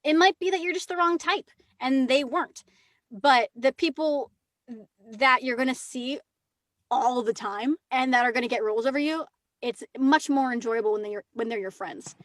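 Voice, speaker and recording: A woman with a high, bright-pitched voice talks easily as an interview guest. She is chatty and lively, tumbling into quick asides. Her voice sits close and dry, with no room around it. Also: no room sound. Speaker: actress guest. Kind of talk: casual interview chat.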